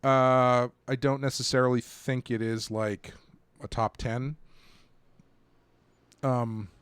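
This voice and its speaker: A man's voice: medium pitch, flat delivery, slow pace, fairly bright tone, clean tone, dry recording. A man co-hosting a casual horror movie podcast, rambling with lots of fillers and restarts. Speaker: podcast co-host.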